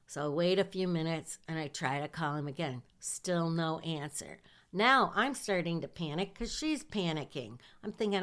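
A woman who works as a nurse, telling a personal story in a lively, chatty way, dropping to hushed asides for effect. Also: on the low side, moderate pace.

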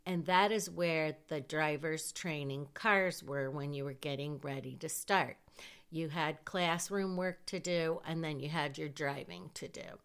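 A woman's voice: sits low, a little slow, fairly bright tone, clear, resonant tone. A middle-aged woman from Michigan telling a casual personal story, self-deprecating and often laughing as she talks.

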